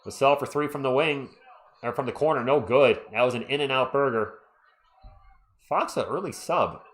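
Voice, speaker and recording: A man's voice: mid-range voice, normal speed, a bit bright. A man hosting a live stream, giving casual fan play-by-play of a basketball game and chatting with viewers between plays.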